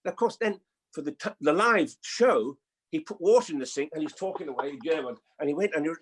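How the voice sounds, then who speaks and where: An older man, a guest actor, telling anecdotes in an animated way and acting out the voices in them. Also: fairly high pitch, fast talker, a little hiss or hum. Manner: animated storyteller, acts out voices in his anecdotes. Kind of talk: anecdotal chat.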